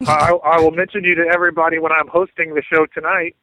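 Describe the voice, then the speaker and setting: A man from Texas, a stand-up comic calling into a talk show, with deadpan wisecracks. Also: on the high side, fast, no echo, rough recording. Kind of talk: casual chat.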